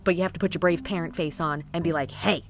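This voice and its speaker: A woman in her thirties tells comic stories about her kids to camera, casual, rambling, and profane. Her voice sits on the low side, with fairly even intonation and a quick pace.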